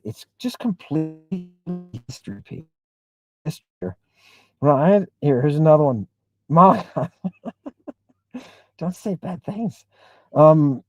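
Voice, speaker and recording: A man's voice: fairly high pitch, expressive, normal speed, no room sound. A man hosting a livestream, talking emphatically and in a rambling way, reading and answering viewer comments. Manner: emphatic, rambling, keeps asking "right?". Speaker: host. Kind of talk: livestream talk with chat.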